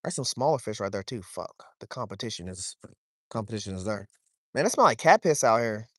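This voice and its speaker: A young man, talking to his chat while wading and fishing, swearing freely and getting excited over a fish. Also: fairly low pitch, brisk, dry recording, clean studio sound. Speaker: fishing vlogger. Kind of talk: casual vlog narration while wading. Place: outdoors, wading in a shallow creek.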